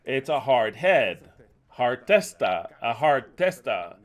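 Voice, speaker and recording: A man preaching an impassioned sermon, fiery and profane, cursing loudly and swearing often. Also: medium pitch, big pitch swings, takes it slowly. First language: Spanish.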